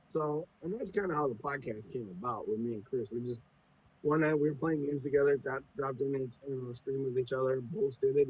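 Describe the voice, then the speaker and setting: A man's voice: medium pitch, muffled recording, a little hiss or hum. A man from the United States, a podcast guest, talking casually with a profane, teasing, joking manner. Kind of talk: casual chat.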